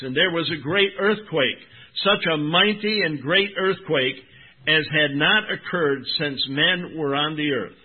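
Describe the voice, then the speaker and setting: A man preaching a sermon, reading scripture with emphatic, drawn-out stresses and calling his listeners "my friend" and "folks.". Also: fairly high pitch, slightly rough. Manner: emphatic, drawn-out Bible reading, rising and dropping in volume. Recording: tinny phone-like recording.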